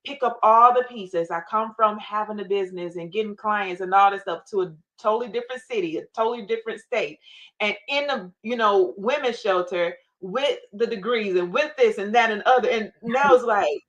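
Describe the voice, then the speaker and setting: A woman's voice: medium pitch, a little fast, fairly bright tone, muffled recording. A woman guest telling her personal faith testimony with feeling, acting out her own prayers and quoting scripture. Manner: emotional, acts out her own prayers and inner voice; faith-based, quotes scripture.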